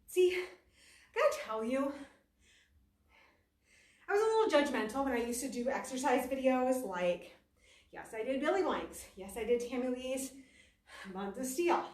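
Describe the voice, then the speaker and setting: Chatty woman fitness instructor, high voice. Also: big pitch swings, moderate pace, a little mellow. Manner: chatty, self-deprecating, talks while exercising. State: out of breath at times. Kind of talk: instructing a workout class. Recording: echoey room, voice from a distance.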